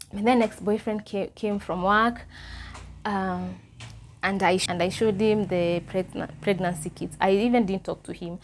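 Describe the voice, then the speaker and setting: A young woman with a Kenyan accent tells a personal story straight to her viewers. Her delivery is animated and chatty, and she drops Swahili phrases into her English. Her pitch sits in a middle range. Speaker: vlogger. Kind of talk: casual storytime.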